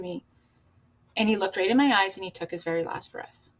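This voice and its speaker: A woman's voice: mid-range voice, fairly even intonation. Emotional Canadian woman telling her story. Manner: emotional, raw, halting. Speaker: podcast guest. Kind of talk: personal storytelling.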